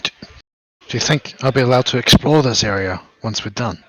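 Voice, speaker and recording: A man's voice: medium pitch, moderate pace, bright, forceful tone, no echo, low-quality recording. Brief: male player, dry close sound, eager grand in-character lines. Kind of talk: in-character tabletop role-play.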